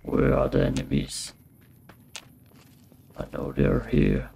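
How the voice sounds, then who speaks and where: A man talks through his game at an unhurried pace, his voice gravelly and worn, going hoarse as he plays. He mutters and grumbles to himself between lines, cursing at the screen. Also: mid-range voice, monotone, warm tone, a little hiss or hum. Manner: mutters to himself, swears often. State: voice getting hoarse. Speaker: let's play gamer. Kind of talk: casual gameplay commentary.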